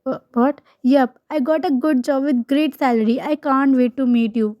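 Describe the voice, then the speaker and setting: A woman's voice: sits high, brisk, a little mellow, no room sound, close to an everyday voice. A woman voicing a protective younger sister who pleads urgently in a raised voice. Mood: pleading. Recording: dull lo-fi recording.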